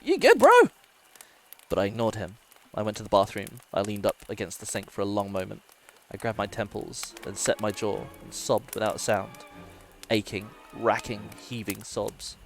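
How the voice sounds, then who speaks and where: A man's voice: on the low side, flat delivery, moderate pace, creaky, soft background music. A man streamer dramatically reading a horror story aloud, sometimes breaking off to swear and joke with his chat.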